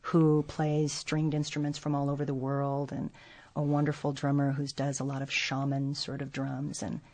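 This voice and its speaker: Low-voiced bubbly woman guest. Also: monotone, normal speed, darkish tone, dry recording. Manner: bubbly, laughs often. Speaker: musician guest. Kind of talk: radio studio interview. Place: radio studio. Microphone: studio microphone.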